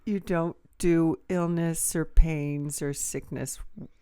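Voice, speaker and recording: A woman's voice: low voice, steady tone, slow pace, warm tone, clear, resonant tone, dry recording, clean studio sound. A woman co-hosting a casual podcast, playfully teasing her fiancé and laughing often. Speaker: podcast co-host. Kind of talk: casual couple banter.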